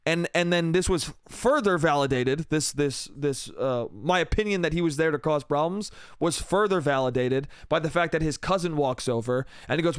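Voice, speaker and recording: Profane high-voiced male storyteller. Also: moderate pace, hardly any pauses, clean tone, no room sound, clean studio sound. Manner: heavily profane, animated and ranting. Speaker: podcast host. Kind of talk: comedic storytelling monologue.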